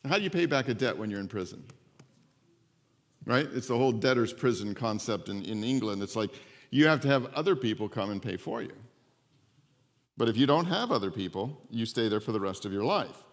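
Animated male pastor in a reverberant hall. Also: fairly high pitch, normal speed. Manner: conversational, animated storytelling with asides. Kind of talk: sermon.

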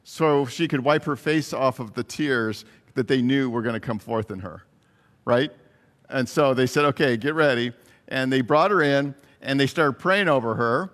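A man preaching in a big reverberant hall, his voice sitting at a middle pitch. He tells a story with energy and acts out the voices of the people in it. The long echo rings out behind his words. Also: moderate pace. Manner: animated storyteller, acts out quoted voices, chuckles between lines. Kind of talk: sermon storytelling.

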